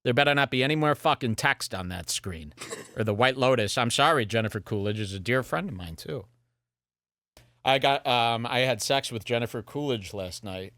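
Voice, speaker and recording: A man hosting a podcast, giving sarcastic, deadpan commentary on film clips into a studio mic. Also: mid-range voice, normal speed, no room sound. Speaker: podcast host. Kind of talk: casual commentary. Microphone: headphones and studio mic.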